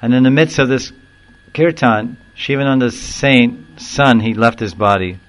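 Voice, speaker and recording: A spiritual teacher with a mid-range male voice gives a devotional discourse, explaining scripture before shifting into lively storytelling where he acts out characters' voices and chuckles. He recites Sanskrit verse slowly and then explains it. The recording quality is low.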